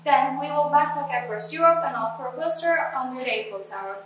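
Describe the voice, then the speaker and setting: A woman's voice: high voice, fairly quick, a bit bright, a little hiss or hum. A young woman acting a weary sixteen-year-old girl who complains she has outgrown kids' games. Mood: exasperated. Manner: exasperated, complaining. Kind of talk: stage drama acting. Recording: echoey hall from far off.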